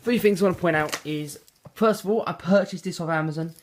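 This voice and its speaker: A man's voice: a little high, brisk. Rambling young man unboxing. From England. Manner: rambling, self-deprecating, lots of fillers. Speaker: unboxing vlogger. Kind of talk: casual unboxing commentary. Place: home bedroom. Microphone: handheld camera mic. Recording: noisy home camera audio. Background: crinkling packaging and clicks.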